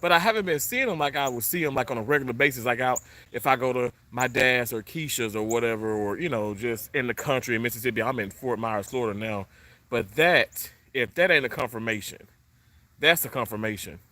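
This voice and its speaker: A man's voice: medium pitch, fairly quick, bright, forceful tone. A man chatting loosely with viewers during a livestream from his condo, rambling with many fillers. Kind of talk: casual live chat. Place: indoors in a condominium.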